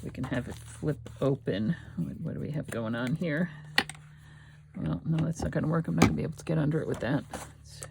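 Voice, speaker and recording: A woman's voice: low-pitched, brisk, vocal fry, heavy background noise. A woman hosting a craft video, thinking aloud and talking to herself as she glues and assembles a collage. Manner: thinking aloud, self-talk while working. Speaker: craft channel host. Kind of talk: casual crafting talk-through.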